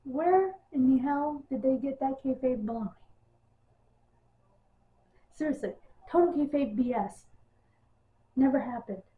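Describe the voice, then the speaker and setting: A woman's voice: high voice, measured pace, long pauses. A woman giving a casual, exasperated wrestling news rant, sarcastic and full of ums. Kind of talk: casual ranting monologue. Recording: tinny phone-like audio.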